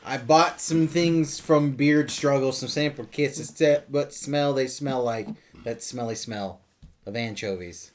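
A man's voice: mid-range voice, measured pace, a little hiss or hum. A man hosting a casual podcast with friends, rambling and acting out scenes he retells. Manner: rambling, acts out movie scenes in voices. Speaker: podcast host.

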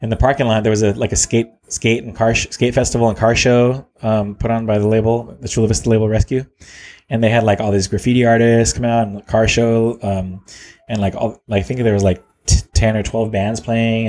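A man in casual chat about his old band, rambling and halting, full of fillers and restarts. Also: lowish voice, steady tone, a little mellow. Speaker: musician guest.

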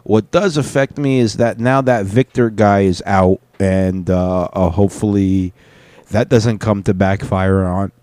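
A man's voice: lowish voice, fairly even intonation, a little slow, darkish tone, dry recording. A man hosting a casual reaction show, rambling and profane, often restarting his sentences. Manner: rambling, profane, self-correcting. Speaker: host reacting to video clips.

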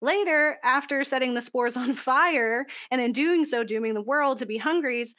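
A young woman with a high voice talks in a loose, casual podcast chat. She is animated and laughs often. Her sentences run on with likes and ums. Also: normal speed.

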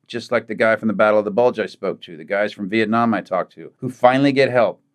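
A man's voice: on the low side, fast talker. A middle-aged man speaking as a podcast guest, blunt and plain-spoken, earnest and direct in a candid conversation. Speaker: guest, combat veteran.

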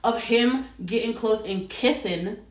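A woman co-hosting a casual chat, animated and swearing often, with lots of "like" fillers. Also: on the high side, measured pace. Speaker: podcast co-host. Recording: roomy echo, a bit far from the mic.

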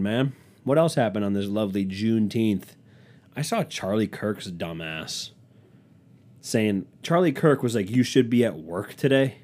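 Dark-voiced man ranting on a podcast. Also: fairly low pitch. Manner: profane, sarcastic ranting with mock quotes. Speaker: podcast host. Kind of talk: casual solo podcast monologue.

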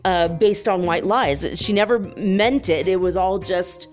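A woman telling a story in a casual, chatty monologue, laughing often and filling pauses with ums and you-knows. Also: mid-range voice, faint music behind.

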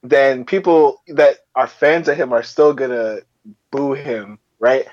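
A man co-hosting a casual podcast, reasoning things out in a relaxed way. His voice comes through a slightly dull, lo-fi recording. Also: medium pitch, takes it slowly, dry recording. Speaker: podcast co-host. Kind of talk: casual wrestling chat.

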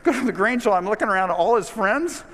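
A man's voice: high voice, expressive, fast, a bit bright. A man delivering a sermon as a pastor, telling a story in a conversational way and building to emphatic points. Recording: long hall reverb.

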